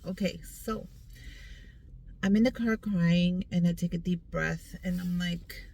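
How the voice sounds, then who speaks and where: A woman's voice: lowish voice, steady tone, a little slow, vocal fry, warm tone, low-quality recording. A woman in her thirties telling her health story in a casual vlog, earnest and upbeat, talking straight to viewers from a car. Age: 30s. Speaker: vlogger. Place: in a parked car outdoors in sun.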